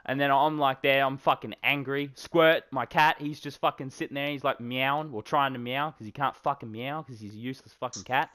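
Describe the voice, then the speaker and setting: A man's voice: medium pitch, a little fast, hardly any pauses, clear, resonant tone, no echo. A young man, co-hosting a casual podcast and telling rambling stories full of swearing. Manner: rambling, heavy swearing, animated storytelling. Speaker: podcast co-host. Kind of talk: casual chat.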